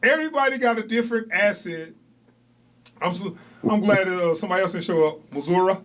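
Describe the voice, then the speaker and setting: A man's voice: high voice, brisk, a bit bright, dry recording. Laughing, rambling podcast guy, dry sound. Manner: laughs often, loose rambling slang. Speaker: podcast co-host. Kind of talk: casual chat.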